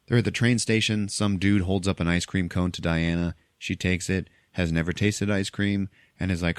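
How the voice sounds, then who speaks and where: Deep-voiced podcast host recapping a movie. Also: male voice, fairly even intonation, moderate pace, no echo, clean studio sound. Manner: chatty, laughs often, swears casually, acts out quotes.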